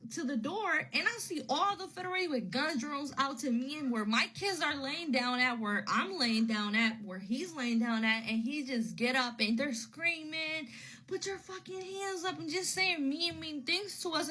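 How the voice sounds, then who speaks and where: A woman's voice: sits high, pushed and bright, low-quality recording. A woman casually telling a personal story to her phone camera, rambling and repeating herself as she retells what people said.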